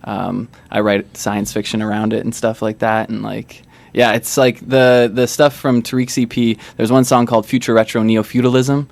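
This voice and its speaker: A man in his thirties from Canada, a music producer chatting as a guest in a radio studio, laid-back and quick to laugh. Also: medium pitch, flat delivery, vocal fry, darkish tone. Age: 30s. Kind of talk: casual radio studio chat.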